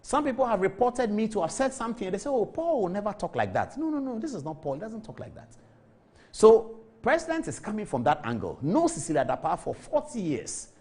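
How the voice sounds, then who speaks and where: A man's voice: high-pitched, sing-song, a little fast, darkish tone, slightly rough. A middle-aged Ghanaian man hosting a TV talk show, giving emphatic studio commentary on the news and repeating words for effect. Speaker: TV show host.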